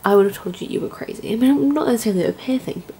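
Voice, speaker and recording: A woman's voice: on the high side, racing, warm tone, a little hiss or hum. A young adult woman working as an au pair, talking in a rambling, chatty and heartfelt way in a casual vlog from indoors at home. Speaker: au pair vlogger.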